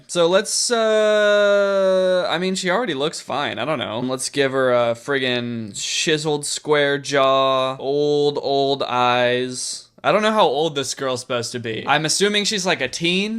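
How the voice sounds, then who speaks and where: Bright-voiced sarcastic male commentator. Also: mid-range voice, smooth. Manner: sarcastic, riffing asides. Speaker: YouTuber commentator. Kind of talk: comedic gameplay commentary.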